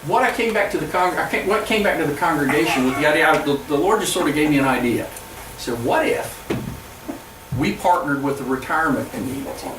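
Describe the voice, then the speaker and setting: A man speaking as a pastor, giving an earnest storytelling presentation to church leaders, with halting restarts. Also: on the high side, expressive, background noise. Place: church hall. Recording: echoey room, from far off.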